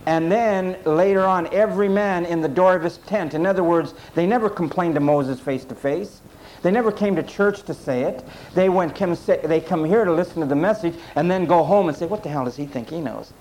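A male preacher with a voice pitched a little above the usual male range delivers a sermon. He hammers points home through repetition and speaks straight to the people in front of him. A faint hiss sits under the recording. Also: normal speed, a little mellow, low-quality recording. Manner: emphatic, repetitive rhetorical preaching; addresses the congregation directly.

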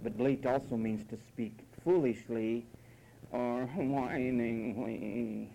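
A man's voice: mid-range voice, fairly even intonation, unhurried, warm tone, slight background noise, rough recording. A man preaching a sermon, emphatic and mocking, at times imitating whiny voices.

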